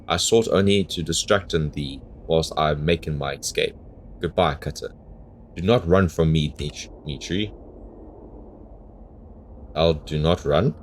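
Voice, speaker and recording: A man's voice: very deep voice, a little hiss or hum. A man voicing archaic-speaking cursed tree folk, reading game dialogue aloud in a mock old-fashioned thee-and-thou manner.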